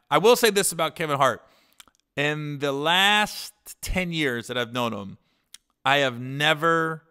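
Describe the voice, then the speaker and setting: A man's voice: fairly high pitch, sharp tone, smooth. A man hosting a podcast, telling rambling comic stories with swearing and frequent laughter. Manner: rambling comedic anecdotes, profane, laughs often. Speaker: podcast host. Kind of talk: casual storytelling.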